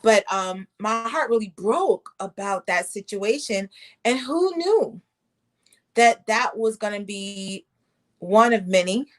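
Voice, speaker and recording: A woman hosting a casual video-call conversation, chatty and animated as she tells stories. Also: mid-range voice, takes it slowly. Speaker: host.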